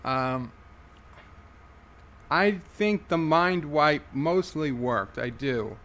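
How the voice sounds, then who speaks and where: Slow-talking man reading stream chat. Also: a little high, fairly bright tone. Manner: halting, many fillers and restarts, wry. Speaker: livestream host. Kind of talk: casual livestream chat, reading comments aloud.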